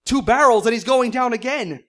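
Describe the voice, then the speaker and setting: A man's voice: sits high, sing-song, fast talker. A man voicing a nervous, flustered male police chief who talks with hesitation. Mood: alarmed.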